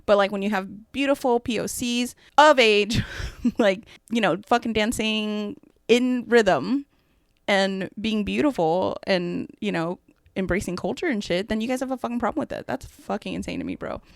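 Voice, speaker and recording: A woman's voice: mid-range voice, normal speed, gravelly, dry recording, studio quality. A young adult woman hosting her own podcast, ranting in a blunt, profane, sarcastic way and laughing between points. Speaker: podcast host. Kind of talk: casual solo podcast rant.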